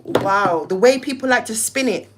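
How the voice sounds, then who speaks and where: A woman's voice: a little high, lively intonation, normal speed, noisy background. A young woman, hosting a livestream and heatedly telling a story, cussing and acting out both sides of phone calls. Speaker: live-stream host.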